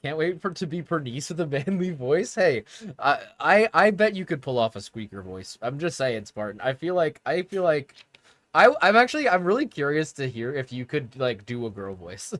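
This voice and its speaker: Young male streamer, lively pitch, rambling casual chat with lots of laughs. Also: moderate pace, no echo. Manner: animated, rambling, laughs often.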